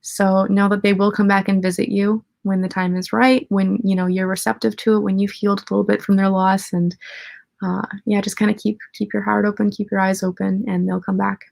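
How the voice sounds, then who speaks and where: Gentle consoling woman, gravelly fry. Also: mid-range voice, flat delivery, a little fast, no room sound. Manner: soft, gentle, consoling, many fillers. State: emotional. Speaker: psychic advice host. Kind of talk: live Q&A on love and the afterlife.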